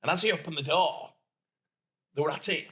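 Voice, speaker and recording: Bright-voiced Yorkshire man telling stories. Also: a little high, fairly quick. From Doncaster, England. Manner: lively storyteller who acts out quoted speech. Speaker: entrepreneur guest. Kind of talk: casual interview chat.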